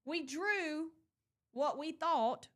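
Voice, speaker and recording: A woman's voice: high voice, extremely slow, fairly bright tone. A woman hosting a morning show, chatting casually and telling stories with lots of fillers. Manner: chatty storyteller, rambling with fillers. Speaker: radio morning show host. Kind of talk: casual on-air chat.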